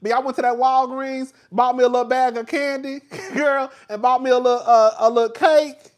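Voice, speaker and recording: A man hosting a casual livestream, chatty and animated, laughing often, with slang and swearing. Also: very high voice, normal speed. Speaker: host.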